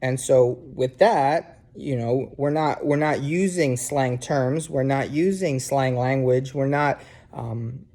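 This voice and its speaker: Slow and medium-pitched with a dark tone, a New Jersey-accented man lectures students casually from the couch in his living room. The recording is conversational, dotted with "um"s and repeated "okay?" check-ins.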